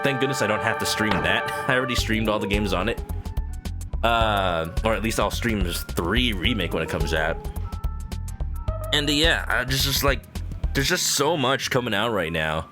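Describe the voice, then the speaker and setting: Man, game streamer, casual rambling chat, lots of fillers, animated pitch, faint music behind.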